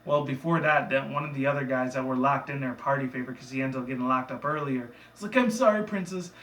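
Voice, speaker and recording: A man's voice: mid-range voice, little pitch movement, fast, a bit bright, distant mic. A man casually recapping a cartoon episode in a rambling, loose way, with profane asides. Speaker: reviewer. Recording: echoey room, away from the mic.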